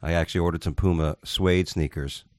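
Man, low voice, dry close studio sound, casual rambling co-host. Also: fairly even intonation, brisk, darkish tone, no room sound. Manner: rambling, jokey, puts on silly voices. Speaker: podcast co-host. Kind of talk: casual chat.

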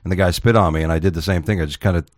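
Low-voiced man telling rambling profane stories. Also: steady tone, racing, no room sound, studio quality. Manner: rambling storytelling, profane, restarts often. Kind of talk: casual chat.

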